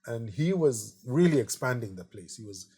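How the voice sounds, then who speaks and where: A middle-aged man, an artist being interviewed, telling relaxed anecdotes in a chatty way and often saying "you know". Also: mid-range voice, moderate pace, slightly rough. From Kenya.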